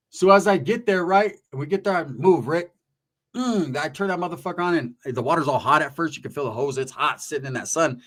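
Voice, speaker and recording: Brief: middle-aged man, crude comic storyteller, animated, voice a touch high. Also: a little fast. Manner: crude, animated, breaks into mock singing. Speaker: comedic storyteller. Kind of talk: profane comedic storytelling.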